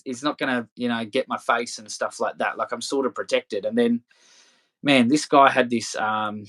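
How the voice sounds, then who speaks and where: A young adult Australian man with a medium-pitched, slightly bright voice tells his story as a podcast guest. It's casual storytelling delivered bluntly, with heavy swearing and lots of fillers.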